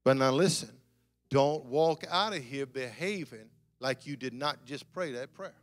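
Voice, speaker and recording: Male guest preacher, mid-pitched, conversational, building to fervent repetition. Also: a little slow. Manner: conversational storytelling that swells into emphatic repetition. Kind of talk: sermon. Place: church sanctuary.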